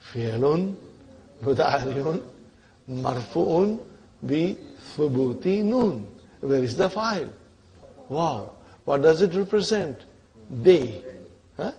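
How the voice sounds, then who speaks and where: A man's voice: a little high, darkish tone, slightly rough, lo-fi sound. A man teaching an Arabic grammar lesson, quizzing his students and checking often whether they are following along. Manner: patient, repeats terms slowly.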